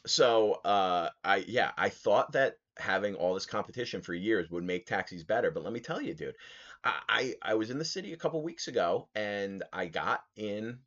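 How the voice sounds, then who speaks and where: A young man with a low, deep voice and a lot of swing in his delivery rants about his run-ins on a casual solo podcast. He swears freely and laughs as he goes. The audio is a little dull and muffled. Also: moderate pace. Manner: animated storyteller, swears freely, laughs while telling. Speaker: podcast host.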